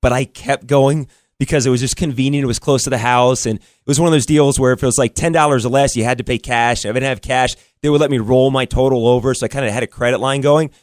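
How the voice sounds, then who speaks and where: A man co-hosting a talk show, telling an animated and frustrated story in a casual way. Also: medium pitch, fast, few pauses, dry recording, clean studio sound. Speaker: radio show co-host.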